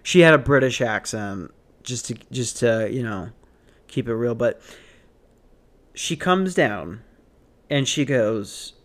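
A man's voice: medium pitch, animated, slow, long pauses. A man hosting a podcast, ranting casually in a rambling, profane, sardonic way with sighs and restarts. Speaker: podcast host.

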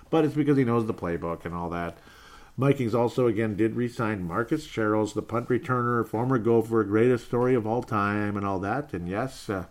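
A man hosting a casual sports podcast, reading listener comments aloud with loose chatter, fillers and chuckles. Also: on the low side.

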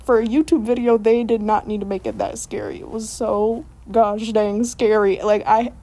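A woman in her twenties, co-hosting a podcast and telling a scary story in casual, animated chat full of fillers. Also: fairly high pitch, normal speed. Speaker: podcast co-host.

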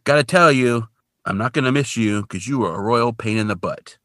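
A man doing a gruff, scolding male orderly. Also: medium pitch, brisk, fairly bright tone, no echo, studio quality, close to an everyday voice. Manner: snappish, scolding. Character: gruff bullying male nursing-home orderly.

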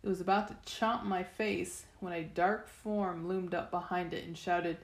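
A woman's voice: fairly low pitch, a little slow. Woman narrating an audiobook in an echoey room. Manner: steady storytelling with the odd restart. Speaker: reader. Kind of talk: first-person audiobook narration.

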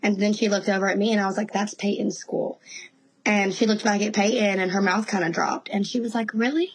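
Lady in her 30s chatting away as a podcast guest, lively storyteller, laughs a lot, mid-pitched voice. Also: fairly quick, breathy edge, low-quality recording. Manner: chatty, animated, laughs often. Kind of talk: casual storytelling interview.

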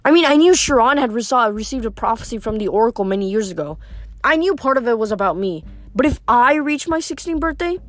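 A woman reading a novel aloud as audiobook narrator, in a steady storytelling manner. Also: on the high side, fast talker, no echo. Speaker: reader.

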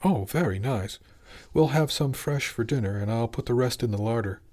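A man's voice: medium pitch, normal speed, darkish tone, natural voice. A man voicing a fond, playful mother who teases her son in an audiobook. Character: fond, teasing mother, middle-aged woman.

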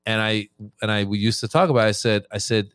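A man, a comedian guest on a podcast, telling jokes in casual chat and acting out quotes in lively voices. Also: lowish voice, fast, clear, resonant tone, no echo, studio quality. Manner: animated storytelling, acts out quotes.

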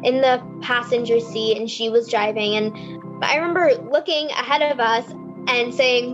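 A woman's voice: fairly high pitch, steady tone, moderate pace. A nineteen-year-old woman from California earnestly tells a personal story as a young climate volunteer. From California, USA. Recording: muffled recording with music underneath.

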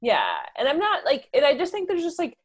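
A woman's voice: high-pitched, a little fast. A woman co-hosting a podcast, chatting casually about films with lots of restarts and "like"s. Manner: chatty, many restarts and "like"s, lively opinions. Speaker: podcast co-host. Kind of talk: casual film discussion.

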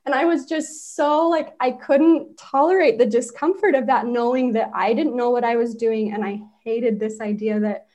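A woman's voice: fairly high pitch, steady tone, moderate pace, few pauses, darkish tone. A woman from Utah, a podcast guest, telling personal stories in casual conversation and laughing often as she talks.

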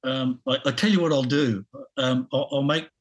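Halting Australian man in his sixties. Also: medium pitch, poor audio. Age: 60s. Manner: halting, many restarts and chuckles. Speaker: podcast guest. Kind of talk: casual interview.

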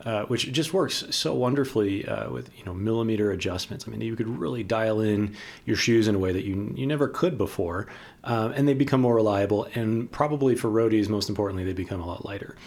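A man co-hosting a casual podcast chat, relaxed and chatty, laughing easily. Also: fairly low pitch, a little fast, gravelly. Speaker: co-host.

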